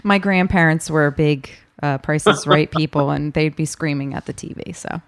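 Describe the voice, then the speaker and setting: A woman's voice: low voice, clear, resonant tone, no echo. A woman co-hosting a casual chat who reacts with lots of laughter. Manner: giggly, quick reactions.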